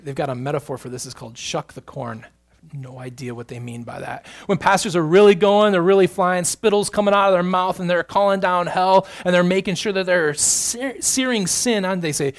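A man preaching a sermon as pastor, moving between hushed, slow stretches and loud, emphatic bursts. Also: high-pitched.

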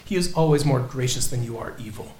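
A man preaching a sermon as pastor, earnest, swinging between emphatic peaks and low, soft passages. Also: a little fast, echoey room, a little hiss or hum.

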